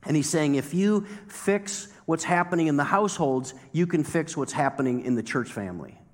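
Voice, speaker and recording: A man's voice: a little high, lively intonation, moderate pace, in a large hall. A male pastor preaching a sermon in a conversational way, driving points home with emphatic repetition.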